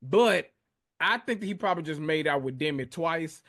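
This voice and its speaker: A man in a casual TV recap chat, skeptical and quick to laugh and interject. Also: fairly high pitch, animated, very noisy.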